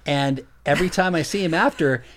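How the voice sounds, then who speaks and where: A man's voice: on the high side, a little fast, a bit bright, slight background noise. A man who is a guest on a podcast, telling stories in an easygoing way and chuckling as he talks. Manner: storytelling, easygoing, chuckles while talking. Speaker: podcast guest, human design reader. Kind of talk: casual conversational interview.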